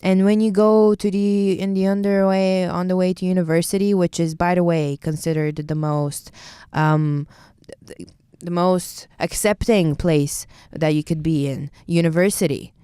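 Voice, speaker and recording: A woman in her twenties co-hosting a chatty podcast. Her voice sits low, mellow and smooth, recorded dry and close. She talks in an animated, opinionated way, with quick asides. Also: dry recording. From Bulgaria. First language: Bulgarian. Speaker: podcast co-host, university student. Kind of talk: casual podcast chat.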